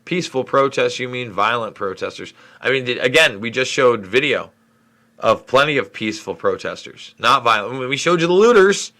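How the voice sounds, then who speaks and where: A man's voice: mid-range voice, normal speed, bright, forceful tone. A middle-aged man from New York State hosting a live question-and-answer stream, talking in a frustrated, rambling way as he answers viewers' comments. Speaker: livestream host. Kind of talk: live Q&A stream reading chat.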